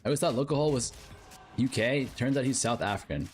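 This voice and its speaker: A man's voice: mid-range voice, fast, soft background music. A male game streamer chatting casually with live viewers, rambling and musing aloud with lots of fillers.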